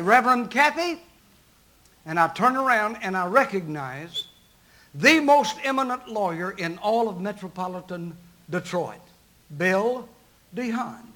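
An older man, a pastor, preaching a sermon and telling a story, swinging from loud exhortation to hushed narration. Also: sits high.

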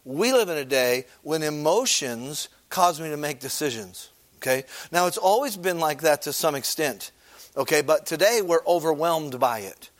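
A man pastor preaching an evening sermon in a conversational way, asking rhetorical questions and reading scripture aloud, clearing his throat now and then. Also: on the high side, lively intonation, normal speed. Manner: conversational preaching, frequent rhetorical "okay?" and "amen?"; reads scripture aloud in old-fashioned wording.

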